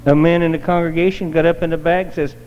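A man's voice: fairly high pitch, flat delivery, fast, darkish tone. A man preaching, telling a homespun testimony in a colloquial, storytelling way. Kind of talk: folksy sermon testimony. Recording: dull lo-fi recording in a reverberant church hall.

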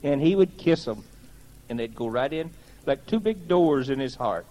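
A man's voice: on the high side, expressive, moderate pace, dark tone, low-quality recording. Man telling a plain-spoken testimony. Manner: plain-spoken, folksy storytelling with earnest conviction. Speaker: speaker giving a testimony.

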